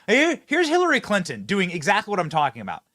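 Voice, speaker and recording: A man's voice: sits high, wildly swooping pitch, fast, sharp tone. A male host giving mocking, sarcastic political commentary.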